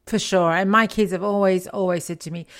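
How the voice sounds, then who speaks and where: A middle-aged woman talking casually as a guest, telling lively stories with hesitant restarts. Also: medium pitch, a little fast. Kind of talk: casual conversation.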